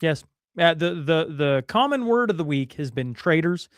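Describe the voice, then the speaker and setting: A man's voice: a little high, animated, moderate pace, clear, resonant tone, no room sound. A man co-hosting a podcast, reading headlines in a chatty way and calling his listeners folks. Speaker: podcast co-host. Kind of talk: casual news commentary.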